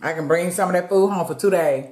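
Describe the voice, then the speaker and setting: A woman's voice: on the low side, quick pace, darkish tone. A woman, chatting casually to her viewers during an eating show and calling them y'all. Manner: chatty, addresses viewers as y'all, eats between lines. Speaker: mukbang vlogger. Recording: echoey room.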